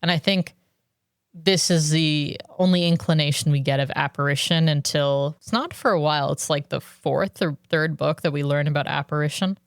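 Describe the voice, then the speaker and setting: This podcast co-host discusses a book in a relaxed way, her low-pitched, smooth voice holding fairly even intonation at normal speed. She uses lots of "like" and offers thoughtful asides. The recording is clean, studio-quality, and echo-free.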